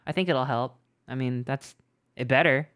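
Super deep voiced woman streaming, giggly and playful, casual chat. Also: moderate pace, fairly bright tone. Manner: playful, giggly, talks in bursts. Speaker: streamer host.

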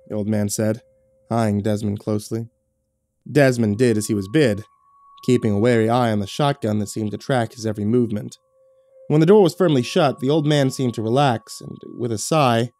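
A man reading a horror story aloud in steady, dramatic scripted narration. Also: mid-range voice, moderate pace.

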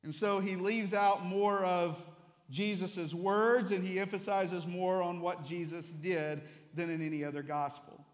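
A male pastor preaching a Sunday sermon in a church, telling stories in an animated way and often restarting his phrases. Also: high voice, a little slow, in a large hall. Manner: animated storytelling preacher, repeats words as he restarts. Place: church sanctuary.

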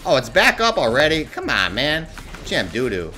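A man's voice: wildly swooping pitch, moderate pace. Furious ranting streamer man. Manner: tilted, swearing, ranting at teammates and enemies; swings between low mutters and shouted outbursts. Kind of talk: live gameplay commentary.

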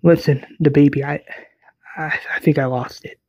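A man voicing a terrified pregnant woman, husky. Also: fairly high pitch, fairly even intonation, normal speed, dry recording. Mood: worried. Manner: pleading, urgent, swearing. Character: frightened pregnant woman, desperate and pleading.

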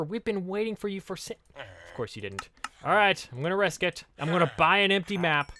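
A man giving excitable, giggly Let's Play commentary while he plays. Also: high voice, a little fast. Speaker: gaming channel host.

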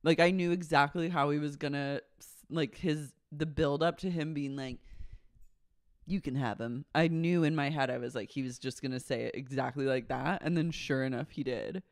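A podcast co-host trading crude, deadpan jokes in a casual reality show recap. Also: mid-range voice, normal speed.

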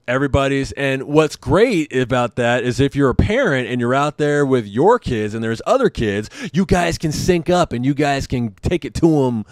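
A man telling a story in a casual monologue, animated, blunt and profane, and poking fun at himself. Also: medium pitch, no room sound, studio quality. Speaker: host of a parenting podcast.

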